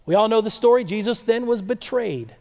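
A man preaching a sermon, reading scripture slowly and breaking in with lively rhetorical questions. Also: sits high. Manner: animated, rhetorical questions, dramatic slow readings. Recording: long echo of a large hall.

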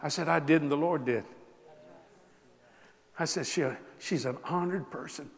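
Animated preacher man in a reverberant hall. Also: fairly high pitch, measured pace, gravelly. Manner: animated, shifts from soft asides to loud bursts. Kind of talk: sermon storytelling.

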